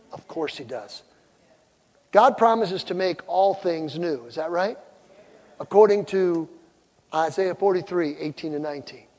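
Animated male pastor in a reverberant hall. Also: high voice. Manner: animated storytelling, acting out both sides of an argument. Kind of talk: storytelling sermon.

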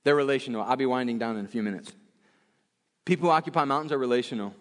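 A man's voice: mid-range voice, racing, in a large hall. A man preaching a sermon in a church, emphatic and repetitive, often restarting his phrases.

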